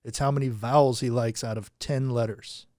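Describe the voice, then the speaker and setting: A man's voice: medium pitch, steady tone, moderate pace, darkish tone, no echo, studio quality. A man hosting a comedic game show over a phone call, teasing his players and laughing often.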